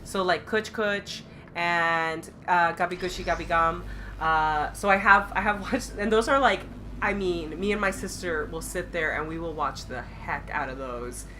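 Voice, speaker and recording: A woman's voice: lowish voice, unhurried, bright, forceful tone, slight background noise. A woman co-hosting a live game stream, chatting casually and rambling with frequent restarts. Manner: rambling, self-interrupting. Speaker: stream co-host. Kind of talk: casual chat.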